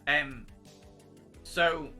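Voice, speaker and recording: Bright, animated man telling stories. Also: on the high side, extremely slow, faint music behind. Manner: animated storyteller, swears freely, bursts into laughter. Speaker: streamer host. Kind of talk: casual livestream chat.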